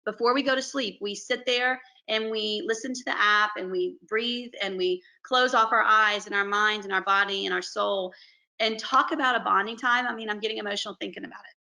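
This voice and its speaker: A periodontist woman from Alabama, talking earnestly and warmly over a video call on a panel. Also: medium pitch, brisk, creaky, rough recording. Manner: earnest, effusive, says "y'all".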